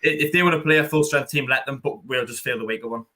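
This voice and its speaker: A man's voice: mid-range voice, fast, bright, forceful tone. A young man on a fan chat panel, earnest and reasoning things through. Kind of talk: casual live fan chat.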